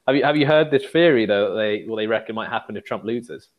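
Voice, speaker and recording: A man's voice: lowish voice, fast, narrow, tinny audio. A man co-hosting a casual podcast chat, rambling through his points with lots of filler words. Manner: rambling, heavy use of "like" fillers. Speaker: podcast co-host.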